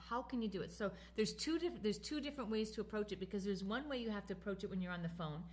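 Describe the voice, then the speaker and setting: Woman, co-host, storytelling, even mid voice. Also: medium pitch, a little hiss or hum. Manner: storytelling, warm affirming fillers. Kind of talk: casual co-hosted talk.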